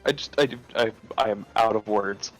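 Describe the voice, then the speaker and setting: A man chatting casually as a player in a tabletop game, with animated, quick reactions. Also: on the low side, faint music behind. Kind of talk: casual chat.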